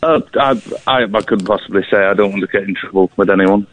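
A man's voice: on the low side, quick pace, a little hiss or hum. A man calling in to a radio show, polite and stammering, heard over a phone line. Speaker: caller; singing teacher. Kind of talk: phone-in call. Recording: dry, dull phone-in line.

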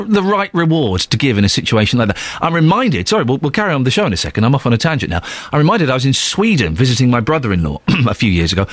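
A man's voice: mid-range voice, no room sound. An English man presenting a breakfast radio show, chatty and jokey, rambling into anecdotes with restarts. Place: radio studio. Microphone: studio microphone.

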